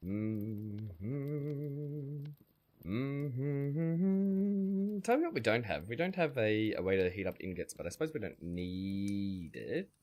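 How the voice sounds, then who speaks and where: A man's voice: mid-range voice, expressive, slow, darkish tone. A man streaming a survival game, rambling in a wry way and chatting with his viewers. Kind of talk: casual gameplay commentary.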